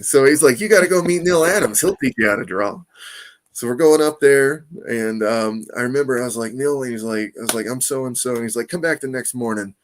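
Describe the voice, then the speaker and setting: Guy telling stories in an interview, animated, swears a lot, keeps saying you know what i mean, laughs. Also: mid-range voice. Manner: acts out quoted voices, laughs often. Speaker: comic artist guest. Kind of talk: casual storytelling interview.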